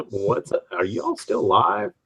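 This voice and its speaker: On poor audio, a Midwestern man hosts a laid-back live-stream chat, his mid-range voice slow, gravelly, slightly rough and fairly bright, with huge swings in pitch. He rambles through stories, often starting over, and reads out comments from viewers.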